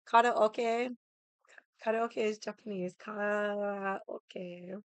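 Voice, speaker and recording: A young woman chats on her livestream in a lively, animated way, laughing often and swearing now and then. Her voice is smooth and clear, and the sound is dry and close, with no room around it. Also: mid-range voice, takes it slowly, no room sound. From United States. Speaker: livestream host. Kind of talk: casual chat.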